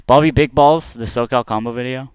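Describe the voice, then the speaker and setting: A man's voice: mid-range voice, steady tone, fairly quick, clear, resonant tone, dry recording. A young man co-hosting a casual podcast, reading out chat questions, swearing and laughing often. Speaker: podcast co-host.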